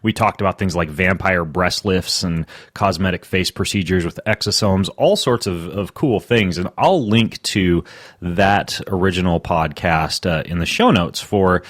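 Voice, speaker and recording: A man's voice: low voice, measured pace, no room sound, studio quality. A man hosting a podcast, talking in a playful, conversational way as he introduces and questions his guests. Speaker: podcast host.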